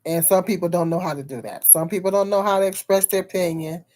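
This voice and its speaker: A livestream host talks frankly to her viewers in a casual, rambling way, repeating words and often bursting into laughter. She speaks fast, with a fairly low, mellow voice.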